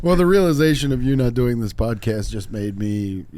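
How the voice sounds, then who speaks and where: A man hosting a casual comedy podcast, telling stories in an animated, joking way. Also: mid-range voice, normal speed, dry recording. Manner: joking, animated storytelling with laughs. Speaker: podcast host.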